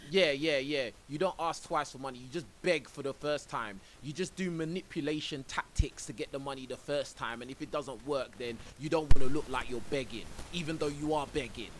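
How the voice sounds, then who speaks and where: Guy ranting on his stream, kinda high voice, light hiss on the mic, outraged, bro every line. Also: brisk, hardly any pauses, a bit bright, rough recording. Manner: indignant, repeats "bro", ranting. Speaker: streamer reacting to a clip. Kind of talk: reaction commentary on a livestream. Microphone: own microphone. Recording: faint hiss.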